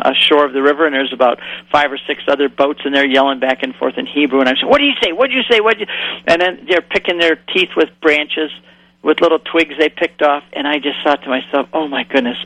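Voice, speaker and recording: A man, a guest on a faith talk show, telling a lively travel story and acting out the voices of the people he quotes. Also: fairly high pitch, no room sound, rough recording.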